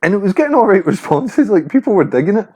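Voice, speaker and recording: A man's voice: high voice, big pitch swings, quick pace, a little mellow. A young man hosting a casual solo podcast, rambling and swearing freely with a self-mocking streak. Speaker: podcast host.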